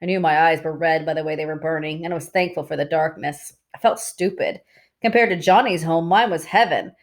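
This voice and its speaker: A woman with a lowish voice reads a novel aloud, chapter by chapter. Her narration is steady and plain. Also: a little fast. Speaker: reader.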